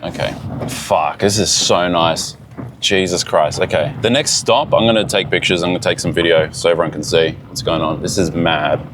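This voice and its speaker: A man vlogging while he drives a small car up a mountain road, excited and swearing a lot as he talks to himself. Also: sits low, normal speed, noisy background. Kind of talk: casual travel vlog.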